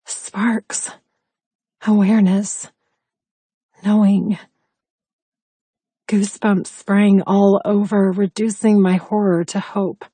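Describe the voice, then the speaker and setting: A woman narrating an audiobook in the first person, in an intimate, breathy storytelling manner. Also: medium pitch, dark tone, no echo.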